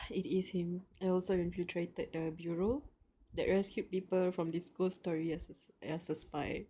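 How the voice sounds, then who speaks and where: A woman's voice: fairly low pitch, flat delivery, normal speed, dark tone, husky. A young woman reading a web novel aloud on a live stream, sighing and laughing nervously between lines, slangy and emotional, breathing close into the mic. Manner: slangy, calls viewers bro and dude. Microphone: close mic, audible breathing.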